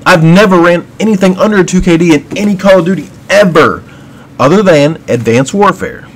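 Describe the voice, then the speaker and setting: A man with a somewhat higher voice vents in an unscripted gaming rant, frustrated and full of cursing. He rambles, then turns apologetic and friendly toward his viewers. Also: a bit bright, slight background noise. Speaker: gaming video creator. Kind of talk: unscripted ranting commentary.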